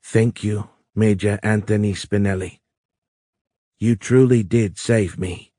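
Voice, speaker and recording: A man voicing a calm, wise alien woman with a foreign accent, speaking slowly and explaining patiently in an audiobook. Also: fairly low pitch, no room sound, clean studio sound. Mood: tender. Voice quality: foreign accent, soft raised voice. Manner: slow, measured, explanatory.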